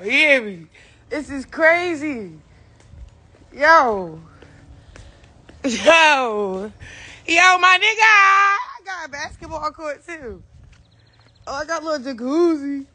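A woman's voice: high-pitched, lively intonation, takes it slowly, long pauses, pushed and bright. A young woman on a phone livestream, giddy and overwhelmed, laughing and exclaiming as she talks. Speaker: livestreamer touring her new home. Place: new house, indoors and out.

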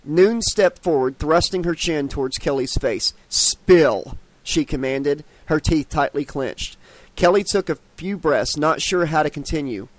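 A man's voice: a little high, moderate pace, no echo. A man narrating an audiobook, reading with small stumbles and restarts.

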